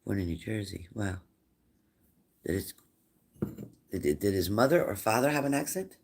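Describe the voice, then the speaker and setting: A man's voice: fairly low pitch, animated, normal speed, gravelly. A man hosting a live-stream spirit reading as a medium, who asks viewers the same probing questions again and again. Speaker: psychic medium.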